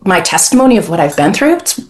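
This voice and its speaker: A woman's voice: mid-range voice, expressive, moderate pace. A woman speaking frankly and with passion as a guest in a podcast conversation, laughing now and then.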